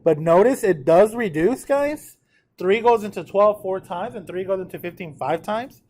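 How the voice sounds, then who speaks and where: Guy teacher going over math notes with his class, kinda high voice, chatty, keeps checking in with everyone. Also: lively intonation, warm tone. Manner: chatty, checks in often with class, slows to dictate numbers. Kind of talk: classroom lecture on trig notes.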